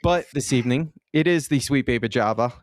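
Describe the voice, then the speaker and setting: A man's voice: medium pitch, a little fast, no echo, studio quality. A man co-hosting a casual video game podcast, laid-back and joking, with some swearing. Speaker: podcast co-host.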